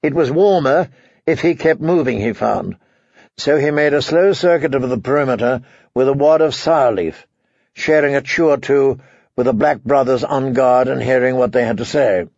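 A man reads a story aloud in measured narration. His voice is husky with a gravelly edge. The recording is dry, close and a bit dull. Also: mid-range voice, darkish tone, dry recording. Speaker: audiobook narrator. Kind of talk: scripted narration.

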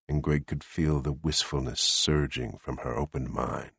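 Man narrating a book, super deep husky voice, dry close sound. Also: fairly even intonation, moderate pace, hardly any pauses, no room sound. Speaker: audiobook narrator. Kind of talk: scripted narration.

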